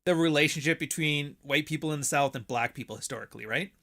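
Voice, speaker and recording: Canadian male host, bright and tense tone, joking riffs. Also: a little high. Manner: joking, fast riffing with restarts. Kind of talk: casual chat.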